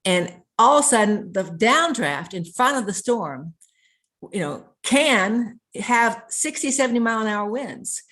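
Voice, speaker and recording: A woman's voice: on the high side, lively intonation, unhurried, a bit bright. A woman guest in an interview, telling a story earnestly and stringing her thoughts together with repeated "and". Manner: earnest, piles up clauses with repeated "and".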